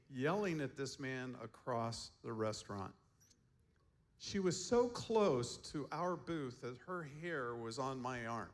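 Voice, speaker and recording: Chuckling male seminar storyteller. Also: mid-range voice. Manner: relaxed anecdotal telling, chuckling often. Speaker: seminar presenter and counselor. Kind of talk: storytelling talk to a seminar group.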